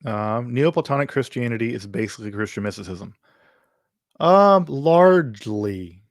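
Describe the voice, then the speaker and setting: A man's voice: medium pitch, expressive, moderate pace, dry recording, studio quality. A man from Mississippi hosts a livestream Q&A, speaking thoughtfully with many fillers and restarts. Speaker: host answering viewer questions.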